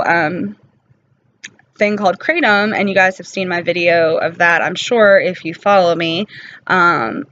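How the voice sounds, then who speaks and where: A woman's voice: medium pitch, a bit bright, lo-fi sound, slight background noise. Weary, emotional woman vlogger in pain. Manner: halting and apologetic, many pauses and fillers. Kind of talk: unscripted personal vlog.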